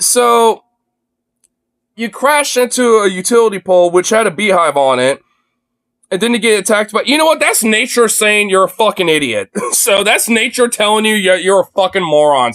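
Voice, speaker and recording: A man livestreaming his reactions from a phone, excitable and profane, laughing often. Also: high-pitched, moderate pace. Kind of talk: live reaction stream.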